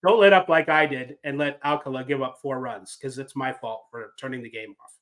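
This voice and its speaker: A man's voice: medium pitch, a little fast, fairly bright tone. A man hosting a casual sports talk podcast, talking in a wry, rambling, self-deprecating way. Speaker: podcast host.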